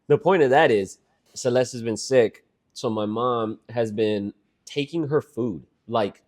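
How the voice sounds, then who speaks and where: A man's voice: medium pitch, measured pace, a little mellow. A young man co-hosting a podcast, telling a rambling, profane family story in casual banter with his sister. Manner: profane, rambling storyteller who acts out quotes. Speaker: podcast co-host.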